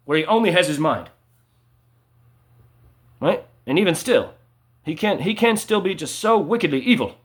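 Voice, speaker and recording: A man delivering an agitated, repetitive monologue, ending his sentences with "right?" and swinging between loud emphasis and low mutters. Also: lively intonation, moderate pace, pauses often. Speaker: vlogger. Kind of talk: ranting monologue to camera.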